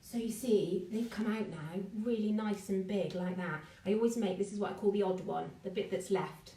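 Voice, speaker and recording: A woman's voice: medium pitch, normal speed, recorded from a distance, background noise. Chatty woman teaching a bake-along. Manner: chatty, encouraging, greets viewers by name. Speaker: children's baking teacher. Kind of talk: live online bake-along class. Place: home kitchen. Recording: echoey kitchen, away from the mic.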